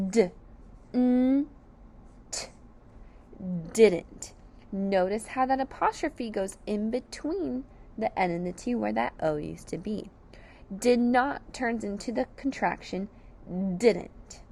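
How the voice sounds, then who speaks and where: A woman leads a slow, deliberate phonics and sight-word lesson for young children, sounding out every letter and syllable and praising the class. Her voice is a little high and slightly mellow, with vocal fry.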